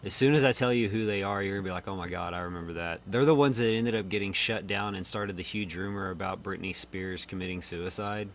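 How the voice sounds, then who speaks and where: A man hosting a casual chat, telling stories quickly and laughing often. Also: lowish voice, fairly even intonation. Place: Texas.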